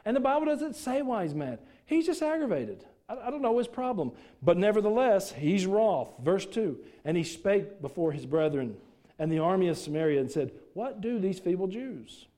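Preacher guy, kinda high voice but mellow, folksy, keeps asking the church questions. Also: very animated, moderate pace. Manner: folksy, rhetorical questions, jokes with congregation. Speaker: pastor. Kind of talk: sermon.

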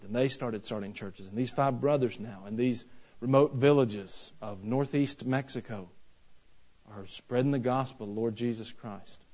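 A man's voice: medium pitch, dark tone, dull audio. A man preaching a sermon. He talks in a folksy, joking way that builds into fervent preaching. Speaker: pastor.

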